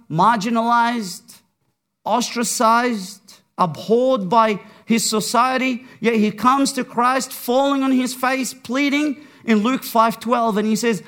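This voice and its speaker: A man preaching a sermon, with a slow, dramatic delivery that swings from hushed to raised. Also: very high voice.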